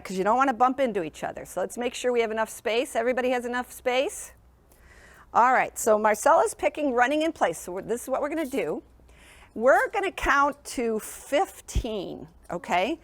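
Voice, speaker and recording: A woman leads a class of young children in a classroom, her voice pitched somewhat high. She talks in an encouraging, sing-song teacher manner and keeps checking that the kids are following along. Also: dry recording. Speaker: sleep program presenter. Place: school classroom.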